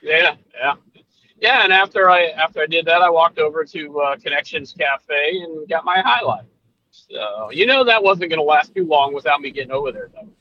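A man's voice: on the high side, expressive, normal speed, highs cut off. A man co-hosting a podcast, chatting in an easygoing, rambling way. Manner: rambling, lots of fillers and restarts, easygoing. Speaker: podcast co-host. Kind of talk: casual chat.

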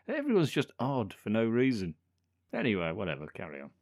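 A man's voice: on the low side, wildly swooping pitch, fairly quick, darkish tone, dry recording, studio quality. A man co-hosting a podcast, full of sarcastic, mocking banter about a film. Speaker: podcast co-host. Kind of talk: casual film chat.

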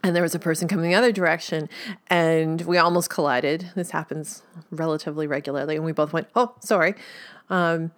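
A woman's voice: sits low, steady tone, fast. A woman talking alone in a reflective, conversational way, musing aloud, correcting herself and laughing lightly. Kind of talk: reflective solo talk.

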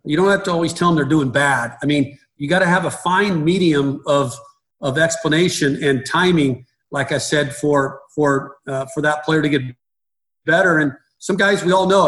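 A middle-aged man, a baseball coach, talks through his ideas in an interview. His voice sits a little high for a man, and he keeps restarting and repeating words as he goes. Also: normal speed, fairly bright tone, low-quality recording. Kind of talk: conversational interview.

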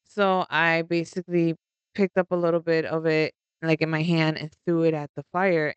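A young woman telling a story in a casual vlog, animated and rambling, laughing often and swearing freely. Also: low-pitched, normal speed, clear, resonant tone, no room sound, lo-fi sound.

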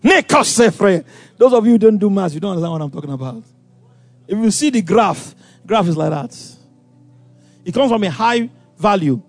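Pastor guy preaching, high voice swinging all over, quiet music behind. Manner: animated preaching, acts out voices, sudden loud outbursts. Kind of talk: sermon.

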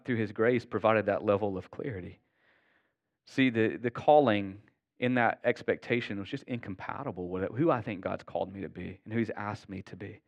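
A man's voice: lowish voice, lo-fi sound. A man preaching a sermon to his congregation in an earnest, conversational way. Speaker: pastor.

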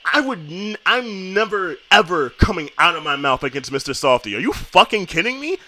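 A man's voice: sits high, very animated, normal speed, bright, forceful tone. Heated New guy ranting. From New York. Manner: heated, rambling rant with lots of swearing. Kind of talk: casual chat.

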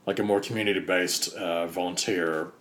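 A man's voice: low voice, steady tone, moderate pace, a bit bright, slight background noise. A man with an Australian accent improvising an exasperated, swearing veteran fire chief in a comedy role-play. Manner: exasperated, grumbling, swears freely. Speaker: comedy podcast co-host.

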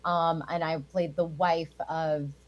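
A woman's voice: low voice, flat delivery, measured pace, muffled recording. An American woman in her thirties, a Broadway actress chatting as an interview guest, with lots of fillers and frequent laughter. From United States. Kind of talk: casual interview chat.

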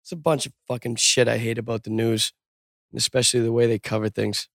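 A man with a mid-pitched voice rambles loosely as a podcast co-host. He swears freely and sometimes loses his train of thought. The sound is dry and close. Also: level tone, a little fast, a bit bright, dry recording. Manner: loose, profane, wandering. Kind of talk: casual crude chat.

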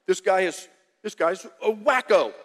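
A man's voice: high voice, lively intonation, measured pace, in a large hall. A man voicing an indignant older brother who complains sarcastically about unfairness.

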